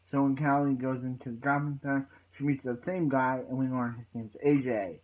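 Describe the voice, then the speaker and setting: A man's voice: medium pitch, steady tone, normal speed, highs cut off. Rambling young man recapping an episode. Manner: rambling, many restarts and filler "so yeah". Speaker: TV episode reviewer.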